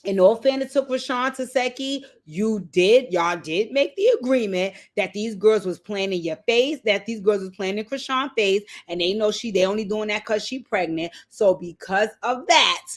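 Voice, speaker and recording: Animated woman recapping reality TV. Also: mid-range voice, moderate pace, hardly any pauses. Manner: animated storytelling, acting out quotes. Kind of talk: casual commentary recap.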